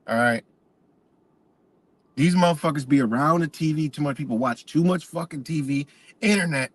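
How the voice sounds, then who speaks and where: A man's voice: a little high, fairly bright tone, no echo. A man hosting a livestream, ranting in a profane, rambling way and repeating himself. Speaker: channel host. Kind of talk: livestream rant.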